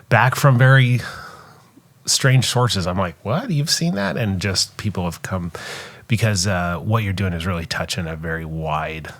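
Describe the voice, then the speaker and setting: A man, a pastor who is a guest on a podcast, speaking in a soft, affirming way that trails off quietly. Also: sits low. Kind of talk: casual conversation.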